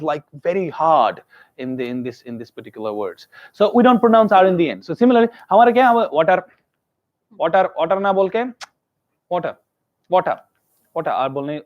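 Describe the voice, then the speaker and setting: A man's voice: on the high side, dull audio. A man teaching pronunciation in a classroom, repeating words to drill his students and adding joking asides. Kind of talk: classroom teaching, mixing English and Hindi.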